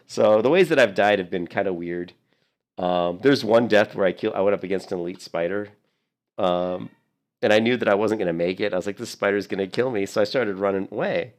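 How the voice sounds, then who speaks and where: A deep-voiced man in his thirties, speaking fairly quickly, tells a rambling, animated story while casually commentating on gameplay as a streamer.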